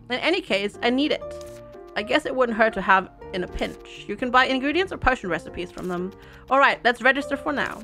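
A woman's voice: fairly high pitch, lively intonation, a little fast, sharp tone, faint music behind. A woman streaming a video game, chatting casually with viewers, giggly and reading game text aloud. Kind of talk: casual let's-play chat.

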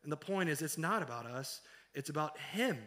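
A man's voice: on the high side, expressive, normal speed, pushed and bright. A middle-aged man, a pastor, preaching a sermon in a conversational way, asking the congregation questions and often repeating words.

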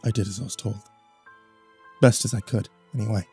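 Husky man reading horror stories. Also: fairly low pitch, fairly even intonation, brisk, warm tone, soft background music. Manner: tense, dramatic first-person reading. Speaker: horror storyteller. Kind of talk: scripted horror narration.

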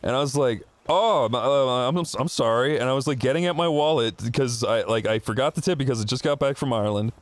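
A man telling a story in casual podcast chat, animated and swearing, acting out what people said. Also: medium pitch, quick pace, hardly any pauses, dry recording. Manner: animated, swearing, acts out quotes. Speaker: podcast regular.

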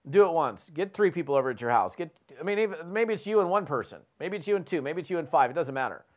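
A man hosting a podcast, giving a lively coaching talk as an animated storyteller who often restarts his sentences. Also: a little high, quick pace. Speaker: host.

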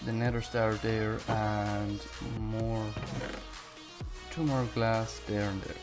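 A young man giving live gameplay commentary, excitable and often swearing as he talks to himself while playing. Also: on the low side, slow pace, over music. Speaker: gaming channel host.

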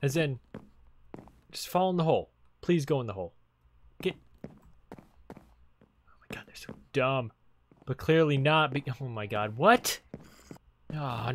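A man's voice: mid-range voice, fairly bright tone, slight background noise. A young man hosting a casual Let's Play, talking to creatures in the game and reacting with sudden panicky outbursts. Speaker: gaming channel host.

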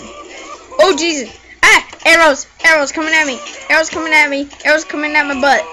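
A woman giving let's play commentary, excitable and jokey, squealing and shrieking at the game and chattering to herself. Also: high-pitched, normal speed, slight background noise, poor audio. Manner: jokey running self-talk. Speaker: gaming video creator.

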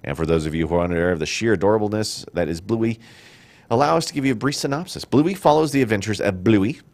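A middle-aged man hosting a casual studio chat, joking and rambling in an animated way. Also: lowish voice, fast talker. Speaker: show host.

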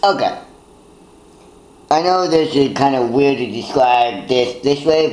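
A man's voice: medium pitch, takes it slowly, long pauses, darkish tone, roomy sound, rough recording. A young man talking casually to his vlog audience, rambling and poking fun at himself. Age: young adult. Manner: rambling, self-mocking, laughs at himself. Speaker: vlogger.

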